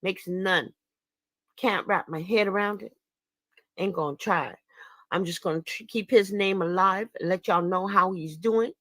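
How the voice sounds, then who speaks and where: A woman speaks out on a livestream, indignant and emphatic, often laughing with scorn at her detractors. Her middle-pitched voice sits close to a dry microphone. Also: measured pace, a bit bright, no echo. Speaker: online commentator and activist. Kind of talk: casual livestream commentary.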